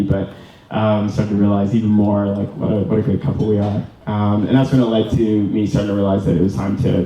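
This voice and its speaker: A man's voice: on the low side, dark tone, a little hiss or hum. A young man from Canada, the groom, giving an earnest, rambling wedding speech full of ums and restarts. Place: wedding reception room. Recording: distant, roomy, slightly dull hall recording.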